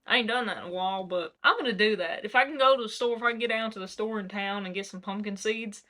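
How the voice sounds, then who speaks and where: A woman's voice: medium pitch, fast talker, sharp tone. Young woman, Tennessee Southern accent, casual rambling home vlogger, self-deprecating. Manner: chatty, self-mocking, rambling asides. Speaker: book vlogger. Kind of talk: casual vlog chat. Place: home kitchen.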